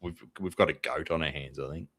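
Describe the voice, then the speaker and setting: A man's voice: extremely low pitch, fairly quick, a bit bright, no echo. An Australian man hosting a casual sports podcast, chatty and openly a fan. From Tasmania, Australia. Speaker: podcast host.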